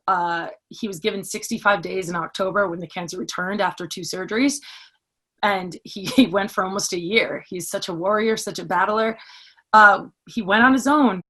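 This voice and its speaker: A woman's voice: mid-range voice, pushed and bright. A woman giving a personal testimonial about adopting a dog, speaking earnestly and conversationally with casual fillers. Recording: music playing behind the voice.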